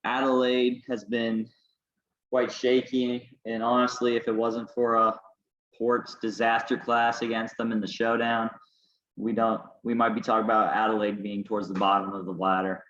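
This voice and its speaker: A man's voice: mid-range voice, flat delivery, normal speed, a bit bright. A man co-hosting a casual sports podcast, making confident picks and teasing his co-host. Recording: echoey lo-fi home recording.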